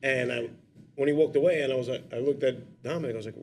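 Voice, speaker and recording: A man with a strong Brooklyn accent tells animated stories in loose, casual talk, swearing freely. His voice sits at a middle pitch. A faint room hum is heard behind him. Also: fast talker, gravelly. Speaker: actor, podcast guest. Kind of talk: casual chat, storytelling.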